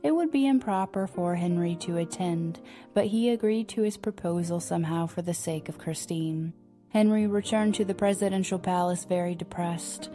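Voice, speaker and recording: A woman narrating a romance audiobook in a steady, even storytelling manner. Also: lowish voice, normal speed, faint music behind. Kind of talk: scripted narration.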